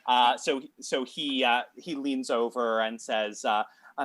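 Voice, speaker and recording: Narrating a tabletop game as its game master, a man stumbles along with frequent fillers and restarts. He has a slightly bright, mid-range voice with fairly even intonation, and the recording has no room sound.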